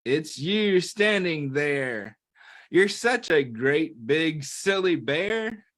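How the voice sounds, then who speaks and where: A man voicing a small, shy, lonely boy in a children's picture book read-aloud, soft and pleading. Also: on the high side, lively intonation, very slow, full character voice. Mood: giggly teasing.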